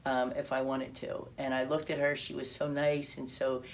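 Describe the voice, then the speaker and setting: A woman telling her personal testimony in an animated way, acting out quotes and restarting her sentences often. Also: extremely low pitch, normal speed, slight background noise. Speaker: speaker sharing a personal testimony.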